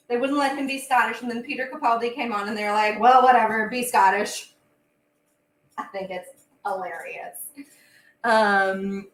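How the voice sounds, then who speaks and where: A woman's voice: medium pitch, a bit bright, slight background noise. A young woman hosting a casual livestream while she bakes, chatty and bubbly with frequent fillers. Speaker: host and singer. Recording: echoey room with faint ambience.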